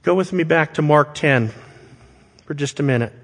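A man preaching a sermon to his congregation, speaking deliberately and with emphasis and asking rhetorical questions. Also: a little high. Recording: long hall reverb.

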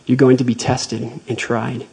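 A man giving a devotional talk, retelling a personal faith story in a measured, earnest way. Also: mid-range voice, little pitch movement, creaky, darkish tone, slightly rough, poor audio.

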